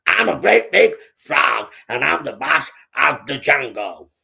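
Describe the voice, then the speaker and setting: Bloke putting on a big-headed bully frog, slow and raised up a bit, gravelly. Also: male voice, a little high, very animated, bright, forceful tone, exaggerated voice. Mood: boastful. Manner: slow, puffed-up bragging. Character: boastful bullying male frog.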